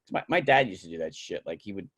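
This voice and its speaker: A man's voice: deep voice, fast, lo-fi sound. A man hosting a podcast interview, chatting casually and telling stories with frequent laughter. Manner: animated storyteller, laughs often. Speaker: podcast host.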